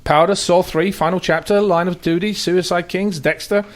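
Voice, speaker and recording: A man's voice: sits high, fairly even intonation, moderate pace. A man hosting a radio talk show in a studio, chatting casually, laughing often and restarting his sentences.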